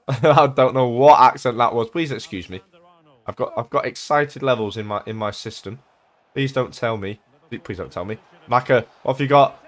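A young man casually commentating his own football video game career mode, chatty and excitable, with sudden shouts at big chances. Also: medium pitch, normal speed. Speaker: gaming YouTuber.

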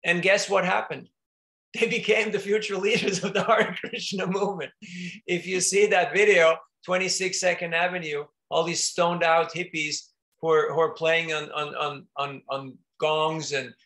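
A man's voice: on the high side, steady tone, normal speed, sharp tone. A man, a monk, giving an informal spiritual talk, telling stories in a conversational way with frequent restarts and little laughs.

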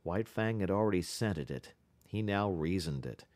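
A man narrating a classic novel as an audiobook in a measured storytelling delivery. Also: deep voice, lively intonation, a little mellow.

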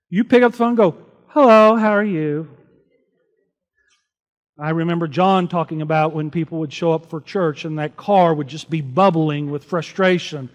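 His voice is on the high side with a darkish tone, trailed by long reverb in a church sanctuary. Preaching as pastor, the man stays earnest and conversational, putting rhetorical questions to the congregation.

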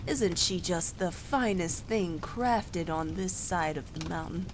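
A woman's voice: on the low side, takes it slowly, slight background noise. A woman voicing a boastful, cheerful human man who believes he is a dwarf. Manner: cheerful, puffed-up bragging.

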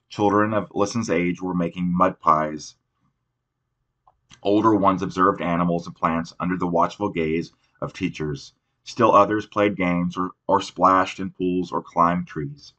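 A man narrating an audiobook in an unhurried reading voice, now and then restarting a word. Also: deep voice, steady tone, a bit bright, highs cut off.

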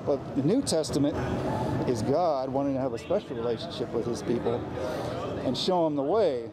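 A man's voice: medium pitch, lively intonation, moderate pace. A man arguing bluntly in a heated street argument, combative and sometimes swearing. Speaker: Christian passer-by in debate. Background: crowd.

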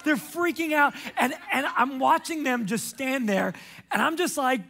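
A man preaching a sermon as pastor, energetic and emphatic, casual and chatty with frequent fillers, sometimes shouting. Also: very high-pitched, measured pace.

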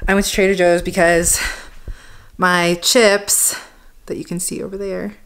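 A woman's voice: lowish voice, little pitch movement, a little slow, a bit bright, smooth. A young woman vlogging in a put-on Yorkshire accent, chatty and self-mocking. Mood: playful. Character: an American woman faking a Leeds accent. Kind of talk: casual vlog chat.

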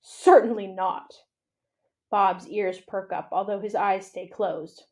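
A woman reading a children's novel aloud for a library, with expressive, steady storytelling. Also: mid-range voice, a little slow.

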